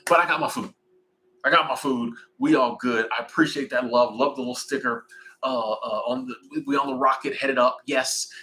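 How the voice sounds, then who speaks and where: A man in his forties hosts a loose, chatty livestream, rambling from one thought to the next with animated bursts. His voice sits at an ordinary pitch but sounds bright and forward. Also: moderate pace, low-quality recording. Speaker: livestream host. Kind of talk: casual livestream chat.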